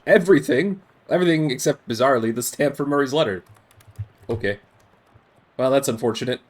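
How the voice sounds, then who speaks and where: A man's voice: medium pitch, fairly quick, long pauses. A man streaming a game, reading its text aloud and commenting with amusement.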